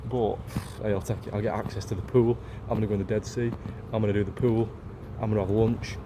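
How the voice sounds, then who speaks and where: A man's voice: lowish voice, little pitch movement, quick pace, background noise. A man from Leeds with a Yorkshire accent, gushing in a casual travel vlog to a handheld camera and repeating his phrases. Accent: Yorkshire English. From Leeds, England. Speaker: travel vlogger.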